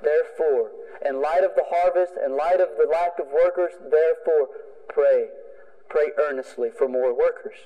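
A man's voice: fairly high pitch, normal speed, long reverb tail, muffled recording. A man preaching a sermon as a pastor, emphatic, driving home points with repeated phrases.

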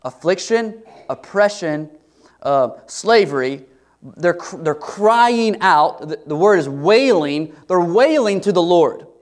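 Male pastor, sermon delivery, earnest and emphatic, a touch high-pitched. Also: expressive, slow pace. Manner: earnest, rising to emphatic questions.

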